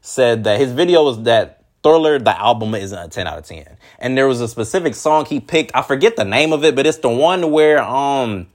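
A man's voice: medium pitch, expressive, normal speed, few pauses. A young man hosting a podcast, talking in a loose, meandering, conversational way. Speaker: podcast host. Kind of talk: casual podcast chat.

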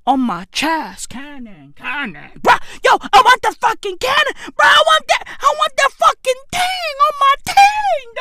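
A woman voicing a young male footballer who pleads to leave his club, whiny and insistent, often shouting. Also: very high voice, noisy background, heavily acted.

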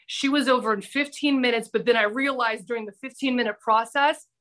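A middle-aged woman, a former TV news reporter, telling a personal story on a podcast with animated, dramatic delivery. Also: a little high. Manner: animated, breathless anecdote-telling with dramatic pauses. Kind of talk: casual storytelling.

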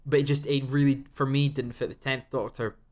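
A man's voice: mid-range voice, steady tone, fairly quick, a little mellow. Chatty man telling stories. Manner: chatty storyteller, acts out quoted exchanges. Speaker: podcast co-host. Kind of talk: casual chat.

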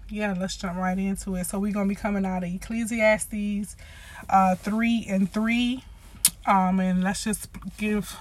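A woman's voice: mid-range voice, no echo. A woman preaching casually on her own podcast, slightly out of breath, talking informally between scripture and prayer. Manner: informal, prays aloud with repeated "Father God". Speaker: podcast host and lay preacher. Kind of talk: casual devotional podcast sermon.

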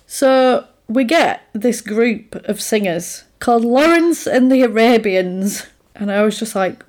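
A woman's voice: on the high side, expressive, slow, darkish tone. A woman in casual conversation, recapping a film plot and acting out the characters' lines as she goes. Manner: chatty retelling, acts out characters' lines in quotes. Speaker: podcast co-host recapping a film. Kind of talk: casual chat.

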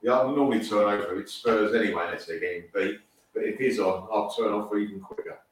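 On a football podcast, a male panelist chats casually but sounds opinionated and indignant. His lowish voice comes fast, picked up by a distant, echoey mic.

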